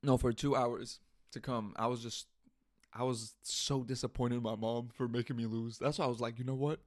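A man's voice: medium pitch, little pitch movement, normal speed, slight background noise. A young man hosting a podcast, ranting in a casual comedic monologue, swearing and laughing at himself, recorded on a studio mic. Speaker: podcast host. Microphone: studio mic through audio interface.

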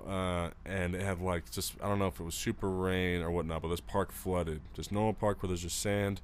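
A young man with a very low voice tells loose, laid-back stories on a casual podcast. He drops crude slang as he goes, and a faint hiss sits under the recording. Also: level tone, moderate pace. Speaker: podcast co-host.

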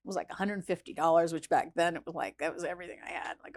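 Animated woman telling a story. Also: fairly low pitch, rapid-fire. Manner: animated, acts out quoted voices, swings between hushed and loud. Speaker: chef and restaurant founder, guest. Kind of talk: casual interview storytelling.

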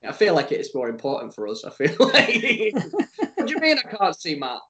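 An Englishman co-hosts a relaxed podcast chat over a Skype call, with a voice that sits a little high for a man. He ribs his co-host, cracks jokes and laughs easily. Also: a little fast. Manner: joking, teasing, laughs often. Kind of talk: casual chat.

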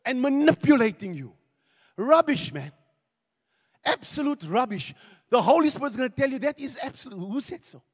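Brief: male pastor preaching a sermon, high voice, lively and repetitive, echoing church hall. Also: moderate pace, breathy edge. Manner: animated preaching, acts out quoted voices, repeats words.

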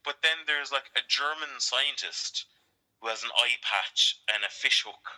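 Bright, animated man chatting. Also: mid-range voice, a little slow, rough recording. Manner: animated, laughing, acts out quoted characters. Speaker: podcast co-host. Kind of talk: casual chat.

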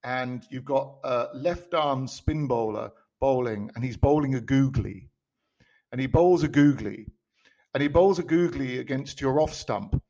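A man's voice: medium pitch, unhurried, dark tone. A British man co-hosting a comedic podcast, rambling playfully with many restarts. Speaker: podcast co-host. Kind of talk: casual comedic chat.

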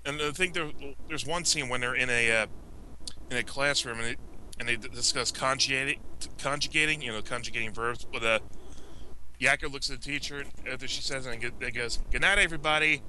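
A man in casual podcast chat, talking haltingly with many restarts. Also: mid-range voice, bright, forceful tone, slight background noise, low-quality recording.

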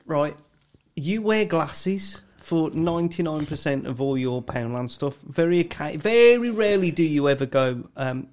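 A man's voice: on the high side, animated, normal speed, darkish tone. A man, swearing and teasing his mates in casual banter. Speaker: podcast co-host.

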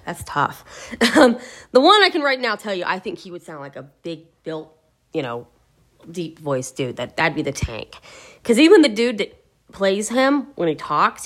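A woman hosting a gaming video, thinking aloud in a rambling, hesitant way as she searches for words. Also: on the low side. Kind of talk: casual talk to camera.

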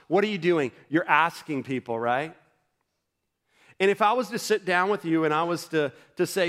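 A man's voice: a little high, normal speed, a bit bright. A man preaching a sermon in a conversational style, acting out quoted voices and building to emphatic peaks. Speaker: pastor.

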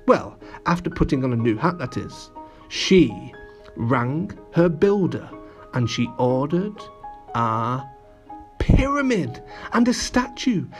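A man reading a children's story aloud and chatting warmly to the boys and girls listening, with lots of animated emphasis. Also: fairly high pitch, slow, faint music behind. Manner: lively, addressing children directly.

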